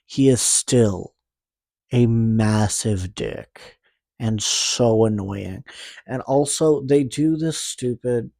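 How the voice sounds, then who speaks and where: A man's voice: fairly low pitch, creaky, dark tone, dry recording. A man from Canada with a speech impediment, recapping a horror movie in a casual, rambling way, with sarcastic, profane asides. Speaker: movie reviewer.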